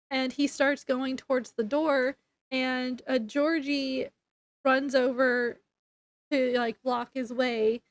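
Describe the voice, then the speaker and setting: Slow, high-voiced woman reviewing a book. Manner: rambling plot retelling with many fillers.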